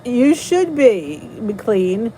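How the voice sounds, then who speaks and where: A woman's voice: fairly high pitch, sing-song, extremely slow, warm tone, a little hiss or hum, low-quality recording. A middle-aged woman with a New Jersey accent, hosting a casual live stream, chatting, greeting viewers and laughing at herself. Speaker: channel host reading live chat.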